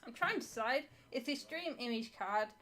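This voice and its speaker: A woman's voice: a little high, animated, normal speed, fairly bright tone. A woman co-hosting a casual gaming chat with her husband, teasing him with dry quips and giggling a lot. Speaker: co-host, host's wife.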